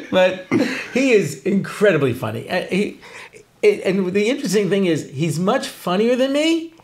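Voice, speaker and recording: Animated, joking rabbi, man. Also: high-pitched, unhurried. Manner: joking, animated, laughs often. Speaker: rabbi and Torah teacher, guest. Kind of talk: humorous interview talk.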